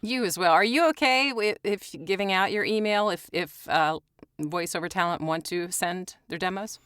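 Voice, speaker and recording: A woman with a fairly low voice co-hosts a podcast interview, speaking softly in short, supportive responses. Her voice is recorded dry and close. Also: moderate pace, clear, resonant tone, no echo. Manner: soft-spoken, brief supportive responses. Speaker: podcast co-host.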